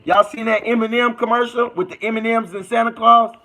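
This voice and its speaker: A man's voice: very high-pitched, fairly even intonation, fairly quick, sharp tone, slight background noise, low-quality recording. A man hosting a casual livestream, reading out comments and preaching in a loose, slangy way. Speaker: livestream host.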